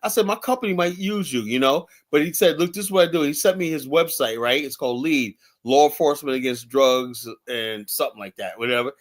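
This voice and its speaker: A man's voice: on the high side, a little fast, hardly any pauses. A man chatting casually on a podcast, telling rambling stories full of fillers and acting out what others said in a raised voice. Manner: rambling storytelling, acts out quotes in a raised voice; heavy use of fillers like "and whatnot".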